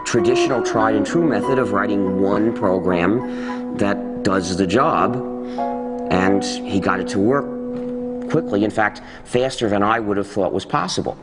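A man explaining deliberately in a documentary interview, his pitch jumping up when he stresses a point. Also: long reverb tail, loud music behind the voice. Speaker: interviewee, software movement founder.

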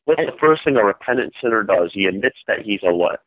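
A man's voice: on the low side, animated, quick pace. A man hosting a call-in Bible study, questioning listeners and prompting them for answers. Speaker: host leading a Bible study. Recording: dull, dry lo-fi sound.

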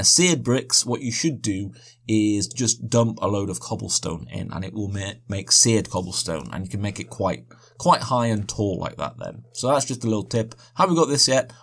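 Guy chatting thru his game, lowish voice, rambles and laughs at himself. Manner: chatty, rambling, self-correcting, chuckles often. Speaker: let's play host. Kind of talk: casual gameplay commentary.

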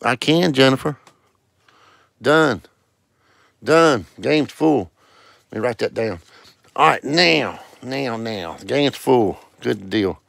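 A man's voice: mid-range voice, lively intonation, takes it slowly, gravelly, long pauses, a bit bright, no echo. A man hosting a casual live stream, greeting viewers one by one in a sing-song way and calling out scratch-ticket numbers. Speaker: livestream host.

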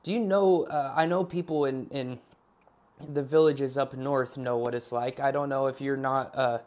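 A man delivers a sermon in a relaxed, chatty manner, as if talking straight to viewers at home. His voice sits in a middle pitch, and he speaks into a close microphone. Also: moderate pace. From Alaska. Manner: casual, conversational preaching with prayer. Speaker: pastor. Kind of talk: online sermon.

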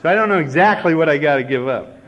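A man's voice: a little high, expressive, fast talker, fairly bright tone. A man in his forties from Nebraska telling a folksy, self-deprecating personal story to a recovery meeting. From Nebraska, United States. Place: conference hall. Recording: dull, slightly hissy old cassette tape.

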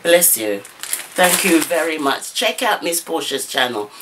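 Woman craft vlogger, gushing and exclaiming, lowish voice, noisy home camera recording. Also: unhurried. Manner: gushing, excitable, repeated exclamations. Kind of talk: unboxing vlog. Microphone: camera mic.

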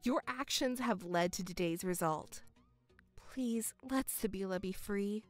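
A woman voicing a calm, cold young stepdaughter in a dramatized story, speaking in a measured, coolly firm way. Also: mid-range voice, soft background music, pitched below the performer's own voice, lightly acted.

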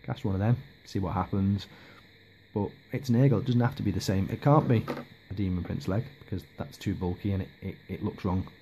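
A man's voice: sits low, steady tone, fairly quick, noisy background. A man giving a casual, rambling hobby update, hesitant with lots of ums and restarts. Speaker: miniature hobby vlogger.

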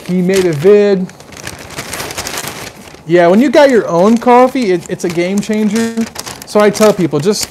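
A man with a high, slightly mellow voice hosts a casual live stream, talking a little slowly with long pauses. He exclaims effusively over tastes and smells and drifts into chatty, meandering asides to viewers. Some hiss or hum is audible.

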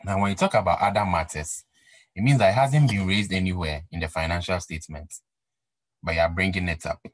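Deep-voiced man lecturing emphatically. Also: fairly quick, no room sound, low-quality recording. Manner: repeats key points for emphasis, asks rhetorical questions. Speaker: accounting lecturer. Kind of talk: recorded exam-prep lecture.

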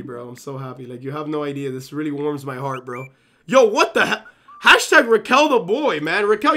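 Hyped young guy streaming a game, bright forceful voice, bit high, faint game music behind. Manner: excitable, fidgety, keeps saying "yo" and "hold up". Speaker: gaming streamer. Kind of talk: casual live-stream chat while playing.

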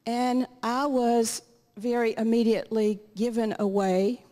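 Older woman, church testimony, earnest storyteller, fairly high voice, long hall reverb. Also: steady tone, a little slow, mellow. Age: 60s or 70s. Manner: earnest storytelling, acts out quotes. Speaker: guest speaker. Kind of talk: personal testimony in a church meeting.

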